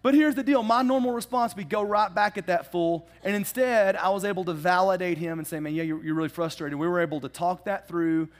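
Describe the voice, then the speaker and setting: Animated, casual male preacher. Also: high-pitched, fairly quick, hardly any pauses. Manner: casual, animated storytelling with humorous asides. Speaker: pastor. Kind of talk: sermon.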